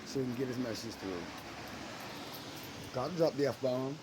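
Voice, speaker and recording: A man talks through his beliefs in a casual, earnest monologue at a middling pitch, mostly low-key but breaking into loud, high outbursts. A clear layer of background noise runs under the voice throughout the recording. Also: unhurried. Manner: earnest and reflective, with sudden loud, high bursts. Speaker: parent sharing personal beliefs.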